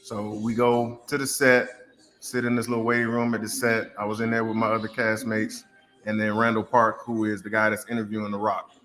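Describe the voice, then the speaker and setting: A man's voice: fairly low pitch, a little fast, soft background music. Chatty man hosting a watch party. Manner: relaxed, chatty, addresses viewers as y'all. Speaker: host of a watch party stream. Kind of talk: casual chat with viewers.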